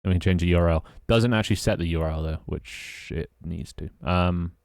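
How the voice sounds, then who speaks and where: A British man with a deep, low voice, talking half to himself and half to his viewers while he works on code. He grumbles and swears when something breaks and then drifts into easy chat. The sound is close and dry, with no room around it. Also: a little fast, creaky, a little mellow, no echo. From Britain. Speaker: streamer. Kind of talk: casual live-stream chat while coding.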